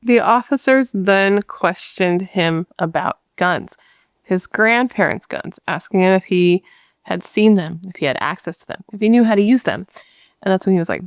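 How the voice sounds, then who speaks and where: A woman's voice: medium pitch, moderate pace, clean tone, no room sound, studio quality. A woman hosting a true crime show, telling the case in a casual, blunt way and swearing freely. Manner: chatty, blunt, swears freely, retells dialogue conversationally. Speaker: true crime podcast host.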